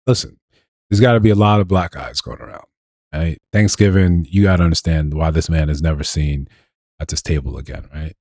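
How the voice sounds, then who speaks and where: A man's voice: low-pitched, darkish tone, no echo, clean studio sound. A man hosting a live show, talking casually and reacting to clips with laughs and rhetorical questions. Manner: laid-back, chuckling, rhetorical questions. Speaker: host. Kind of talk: live commentary on viral clips.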